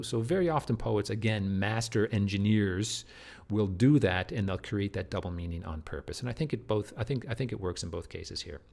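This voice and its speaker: A middle-aged man teaching literature from slides, animated, with many restarts and asides. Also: fairly low pitch, creaky. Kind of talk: lecture walkthrough of slides.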